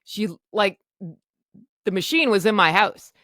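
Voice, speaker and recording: A woman's voice: medium pitch, expressive, a little slow, fairly bright tone, no echo, clean studio sound. A woman hosting her podcast, telling a personal story frankly and bluntly, acting out the back-and-forth of conversations. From Canada. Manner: blunt, frank, acts out quoted dialogue. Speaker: podcast host.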